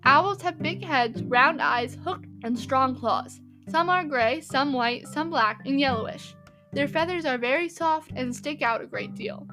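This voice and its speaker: A woman voicing a careful young boy reading a school composition in a slow, deliberate way. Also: high voice, sharp tone, soft background music. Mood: earnest.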